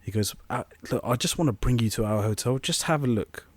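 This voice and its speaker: A man's voice: mid-range voice, lively intonation, fairly quick, dry recording. A young man co-hosting a podcast, rambling through an anecdote and acting out quoted voices. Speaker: podcast co-host. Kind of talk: casual storytelling chat.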